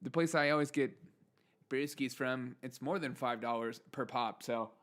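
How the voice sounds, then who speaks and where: A man's voice: medium pitch, normal speed, fairly bright tone. A man hosting his own news commentary show, delivering sarcastic remarks and chuckling often between lines. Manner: chuckles often, mocking asides. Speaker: show host.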